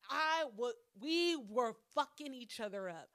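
A woman telling a personal story straight to her viewers in a casual, animated way, swearing freely and breaking into loud exclamations. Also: high-pitched, measured pace, hardly any pauses, no echo, studio quality. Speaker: vlogger.

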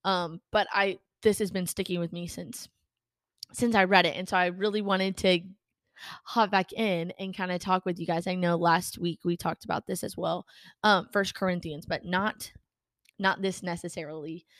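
A woman's voice: lowish voice, steady tone, moderate pace, no room sound, clean studio sound. A young adult woman hosting a faith podcast, talking casually in a chatty, rambling way with many fillers. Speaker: podcast host.

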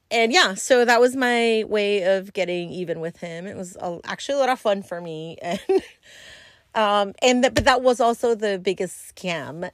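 A woman's voice: mid-range voice, no echo, studio quality. A woman hosting a podcast, telling a casual story in a rambling way, swearing freely and using lots of fillers. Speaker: podcast host.

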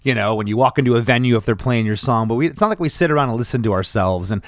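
A male podcast host talks shop about his old punk band in a loose, rambling way. His voice sits at an ordinary middle pitch, and the room is dry and close. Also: very fast, no echo. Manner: relaxed, rambling with restarts. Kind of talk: casual podcast chat.

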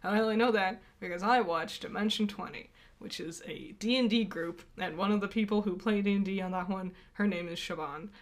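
A woman's voice: mid-range voice, brisk. A woman co-hosting a casual podcast, chatty and laughing often as she talks. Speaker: podcast co-host. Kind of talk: casual chat.

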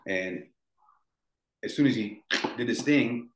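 A man in his forties with a medium-pitched voice takes it slowly as he tells a painful story as a podcast guest. He wanders emotionally, restarting and repeating words, in a recording with a roomy echo.

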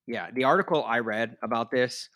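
A man's voice: mid-range voice, a bit bright, no echo, studio quality. Rambling, laughing podcast co-host man. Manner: rambling, self-deprecating, laughs often. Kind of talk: casual sports podcast chat.

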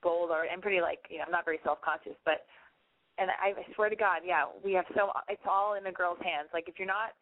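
A young woman co-hosts a call-in show in casual, playful chat. She talks fast and swears freely. The sound is narrow and phone-like. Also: fairly low pitch, steady tone, no room sound. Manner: bubbly, quick, swears, playful. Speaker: radio call-in co-host.

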